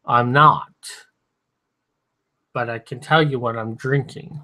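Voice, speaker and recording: Slow, slurred drunk man streaming. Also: medium pitch, steady tone. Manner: slurred, halting speech; talks softly at times. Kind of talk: drunken livestream monologue.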